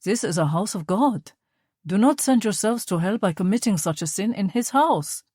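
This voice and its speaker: A woman's voice: medium pitch, expressive, moderate pace, darkish tone, breathy edge, dry recording, studio quality. A woman voicing an earnest male priest who pleads with soldiers. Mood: commanding.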